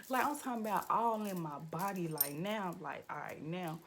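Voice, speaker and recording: A young woman in a fairly low voice rants through a story-time vlog, swearing freely and leaning on "like" at every turn. She jumps into high, loud bursts when she quotes people. A faint hiss of noise sits under the recording. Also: moderate pace, hardly any pauses. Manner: profane, animated storytelling with frequent "like" fillers. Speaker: vlogger. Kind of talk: casual story-time rant.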